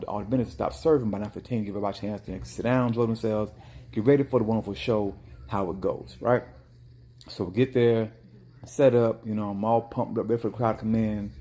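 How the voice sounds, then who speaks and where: Low, mellow-voiced man telling a story. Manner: animated, chatty storyteller with bursts of mock outrage. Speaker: dessert cart owner. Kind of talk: casual storytelling vlog.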